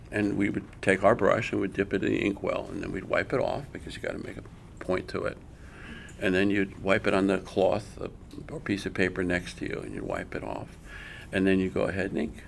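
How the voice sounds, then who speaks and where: A man's voice: low voice, vocal fry, a little hiss or hum. An older man giving a live art workshop, an emphatic storyteller who repeats words as he talks. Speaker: comic art teacher. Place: school room with audience.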